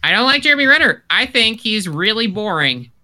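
A man in casual chat with friends, opinionated and animated, often repeating words as he starts a sentence. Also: high-pitched, brisk.

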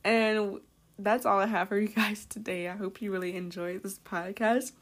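A young woman talks into her podcast mic at a middle pitch. She tells a story from home in an animated, casual way, with quick laughs, swearing and a lot of "like". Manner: animated, laughing, profane, lots of "like". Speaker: podcast host.

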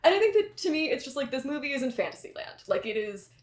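A woman's voice: sits high, sing-song, fast. A woman co-hosting a podcast in casual chat, easygoing and chatty with many hedges. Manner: chatty, easygoing, fond of hedging. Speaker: podcast co-host. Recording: roomy echo, rough podcast audio.

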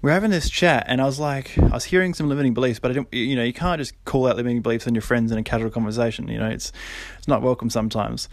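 A young man hosting a solo podcast, talking casually and then getting preachy and animated, with lots of fillers and quick laughs. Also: mid-range voice, no room sound. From Australia. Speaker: podcast host.

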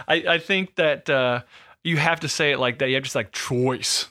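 A man's voice: a little high, brisk, pushed and bright. A man in his thirties co-hosting a podcast, jokey and rambling in casual chat. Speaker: podcast co-host.

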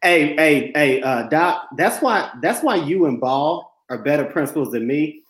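A school leader in their thirties co-hosts a casual podcast, talking bluntly with a joking edge. Their voice sits at a middle pitch and carries audible room echo. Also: expressive, measured pace. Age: 30s. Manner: blunt and joking, with repeated short phrases. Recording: echoey room.

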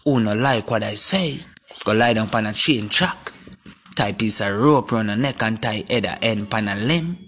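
Speaking in patois with a Jamaican accent, this man addresses the camera in a preachy, confrontational vlog monologue. His voice runs on the low side at a normal speed, and his delivery is forceful and impassioned.

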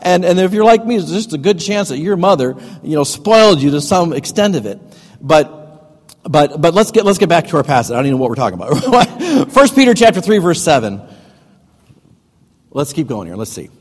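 A middle-aged man preaches in a folksy, joking manner, often breaking into laughter at his own stories. His voice sits fairly high for a man, and long reverb from the hall trails behind his words. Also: sing-song, a little fast. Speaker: pastor. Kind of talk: sermon.

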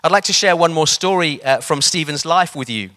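Preacher, man, lively sermon storytelling, a bit higher voice. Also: a little fast. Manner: animated, varies pace for emphasis.

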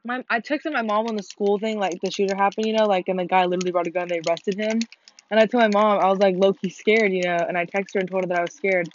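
A teenage girl co-hosting a podcast, chatting casually while playing a video game, excitable, swearing a lot and laughing often. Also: medium pitch, fast talker, slight background noise. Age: teens. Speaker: podcast co-host. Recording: muffled lo-fi recording.

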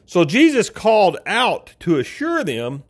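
A man preaching an informal sermon, talking straight to his listeners as folks, with big swings in pitch. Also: huge pitch swings, a little slow.

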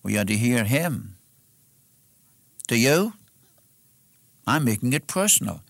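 A man's voice: medium pitch, big pitch swings, takes it slowly, vocal fry, pauses often, no room sound, clean studio sound. A man preaching a sermon, earnest and emphatic, addressing the listener directly as his friend.

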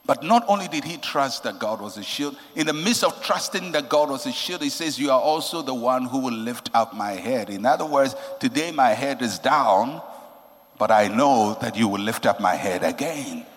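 A man preaching a sermon with passion, swinging between soaring, emphatic lines and hushed, low ones. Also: animated, normal speed. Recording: long reverb of a large hall.

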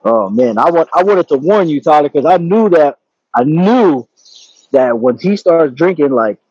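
A man co-hosting a podcast, talking in a relaxed, slangy way about family. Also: on the high side, normal speed, husky, dull audio. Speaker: podcast co-host. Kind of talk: casual family chat.

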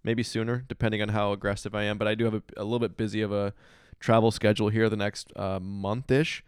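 A man in his thirties talks to his podcast from a hotel room, slightly tipsy and yawning. He rambles and restarts, then breaks into emphatic outbursts. His voice is smooth and resonant, recorded dry and close. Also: on the low side, flat delivery, quick pace, no echo. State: drowsy and a little tipsy, yawning. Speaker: podcast host. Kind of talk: casual solo podcast monologue.

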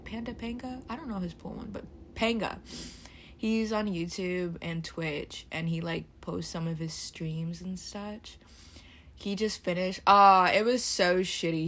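A young woman hosting a solo podcast, rambling casually and swearing freely, her voice a little throaty from just waking up. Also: medium pitch. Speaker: podcast host.

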